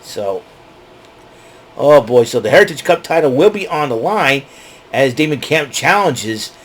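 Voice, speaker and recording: A man's voice: medium pitch, very animated, a little slow, breathy edge, rough recording. A man giving a casual, rambling recap as host, with many fillers and restarts. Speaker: wrestling show recap host.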